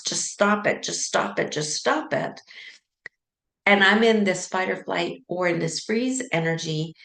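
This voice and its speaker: A sleep coach with a low, gravelly voice teaches in a relaxed, chatty style, acting out anxious inner thoughts with lots of "like" and "right?". The space sounds roomy and echoey.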